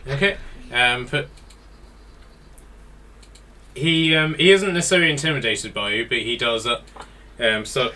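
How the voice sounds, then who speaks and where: A man's voice: medium pitch, unhurried, long pauses, pushed and bright. A man running a tabletop game as game master, narrating scenes with many ums and restarts.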